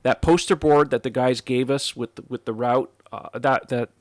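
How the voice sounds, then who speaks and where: A man's voice: mid-range voice, fairly even intonation, moderate pace, no echo. A man co-hosting a podcast, chatting casually and laughing easily. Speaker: podcast co-host. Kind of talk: casual chat.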